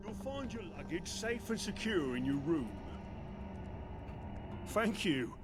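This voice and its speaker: An actor playing a courteous male desk clerk who speaks in an unhurried way. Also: high-pitched, very animated, music in the background, exaggerated voice.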